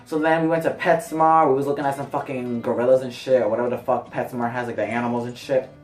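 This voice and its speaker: Animated young man telling a story. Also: fast, recorded from a distance. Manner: animated, filler-heavy, jumps pitch for quoted lines. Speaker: vlogger. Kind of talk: casual profane storytelling. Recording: roomy sound from off-mic, faint music.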